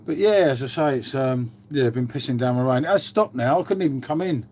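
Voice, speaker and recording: A man's voice: medium pitch, animated, a little fast, a little mellow, a little hiss or hum. A British man hosting a casual livestream, chatting and swearing freely while greeting and answering viewers. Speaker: livestream host. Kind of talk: casual live-stream chat.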